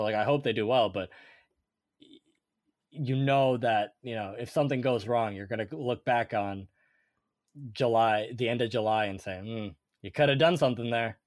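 A man's voice: mid-range voice, no room sound. A young man chats through sports news as a podcast co-host, full of "like" and "you know" as he works out his thoughts. His voice sits in a middle range. The sound is dry and close, with no room around it. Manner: animated, thinks aloud with many fillers. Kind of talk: casual sports chat.

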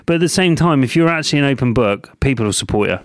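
A man's voice: medium pitch, fast talker, no room sound, studio quality. A man co-hosting a podcast, chatting casually in a teasing, jokey way. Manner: jokey, teasing, lively delivery. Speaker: podcast co-host. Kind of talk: casual chat.

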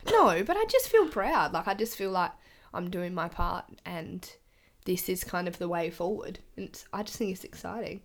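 A woman's voice: on the low side, lively intonation, normal speed. A woman co-hosting a podcast, chatting casually and laughing often. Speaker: podcast co-host. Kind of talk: casual chat.

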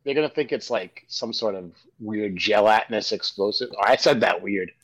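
A man's voice: lowish voice, normal speed, slightly rough. A man co-hosting a podcast, joking and teasing his friends in casual banter. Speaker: podcast co-host. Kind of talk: casual chat.

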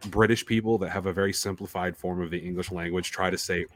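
Deep-voiced male podcast co-host, loose and profane, rambling jokey delivery. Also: steady tone, fast, a bit bright, a little hiss or hum. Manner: rambling, profane, joking, with frequent restarts. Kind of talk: casual chat.

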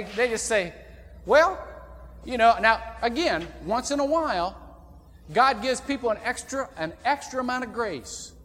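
A man from Indiana preaching a sermon as pastor, folksy and animated, with sudden loud outbursts. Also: very high-pitched, slight background noise. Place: church sanctuary. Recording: long church reverb.

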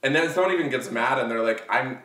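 Rambling male co-host, bright tone, a little distant from the mic. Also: medium pitch, fast. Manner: animated, rambling, filler-heavy, laughs often. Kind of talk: casual chat. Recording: echoey room, mic at a distance.

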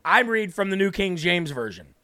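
A man hosting a livestream Bible teaching, reading scripture slowly and speaking earnestly with emphasis. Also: high-pitched, big pitch swings, bright, forceful tone. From northern United States. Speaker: host and preacher.

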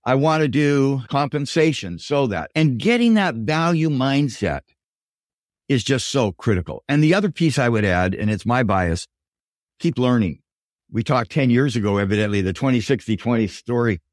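An older man, a business professor and coach, answering interview questions with lively stories and quoted dialogue. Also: mid-range voice, normal speed, dry recording, studio quality. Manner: animated storyteller, voices quotes in dialogue.

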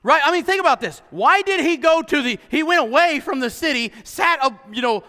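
A male pastor preaching a sermon, animated and full of rhetorical questions to the congregation. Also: very high voice, a little fast, hardly any pauses, in a large hall.

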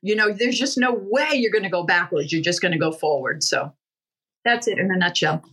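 A middle-aged woman with a husky, slightly breathy voice tells her story in an interview. She speaks earnestly and with fervour, and she often stops and restarts her sentences. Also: on the low side, a little fast, a bit bright. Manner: earnest, fervent, many restarts. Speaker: guest, healing ministry co-founder. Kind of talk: personal testimony in an interview.

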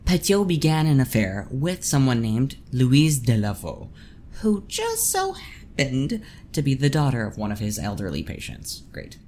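Sarcastic podcast co-host, lively pitch. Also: a little slow, a little hiss or hum. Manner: sarcastic, deadpan asides. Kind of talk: casual true-crime chat.

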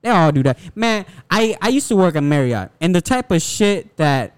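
A man's voice: high-pitched, big pitch swings, moderate pace, clear, resonant tone, dry recording. A young man co-hosting a casual podcast, talking in a rambling, profane way with many restarts. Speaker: podcast co-host.

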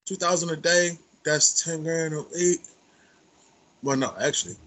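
A man's voice: on the high side, steady tone, a little slow, fairly bright tone, a little hiss or hum. A man co-hosting a podcast, telling stories in blunt, profane casual chat. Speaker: podcast co-host.

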